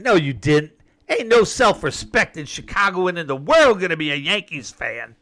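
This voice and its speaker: A man's voice: high-pitched, lively intonation, normal speed, pushed and bright. A man delivering an emphatic, rambling political monologue with sarcastic asides. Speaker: political commentator.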